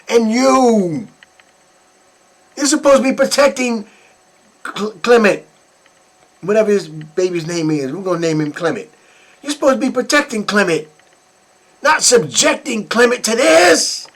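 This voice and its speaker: A man giving animated, mocking reaction commentary as a vlogger. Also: sits high, unhurried, pauses often.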